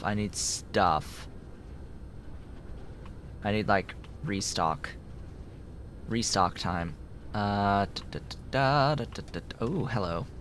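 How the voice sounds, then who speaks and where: With a slow pace, frequent pauses, and a fairly bright tone, this gameplay streamer rambles casually and thinks aloud as he plays. He speaks to his cat in a high baby voice. Faint music and slight background noise sit under his voice.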